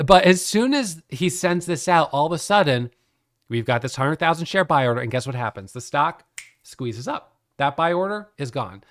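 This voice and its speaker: A middle-aged man explaining a trading topic in a casual, animated way, laughing often as he tells the story. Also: fairly high pitch, normal speed. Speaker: day trading educator.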